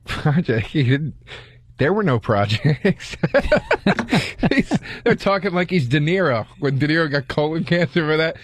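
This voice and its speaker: A man's voice: a little high, very animated, measured pace, a little hiss or hum. A man co-hosting a podcast, telling self-mocking stories in a laid-back way in casual chat at a studio mic. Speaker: podcast co-host.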